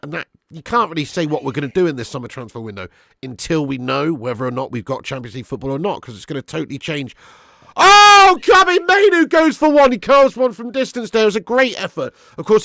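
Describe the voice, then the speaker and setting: A young man hosting a live football watch-along, chatting and thanking viewers by name, with sudden bursts of excitement when chances come. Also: on the high side, vocal fry, no echo, clean studio sound.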